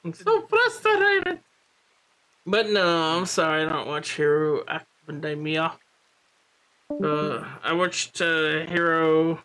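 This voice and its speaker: Bright, high-voiced teasing streamer man. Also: steady tone, rough recording. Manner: teasing, bantering, quick to laugh. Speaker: game streamer. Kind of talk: casual gaming chat.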